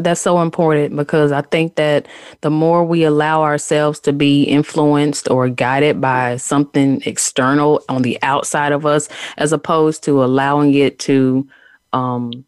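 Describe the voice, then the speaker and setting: Low-voiced supportive woman host, dry sound. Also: fairly even intonation, unhurried, darkish tone, smooth, no room sound. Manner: supportive, affirming. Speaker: interview host. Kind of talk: conversational interview.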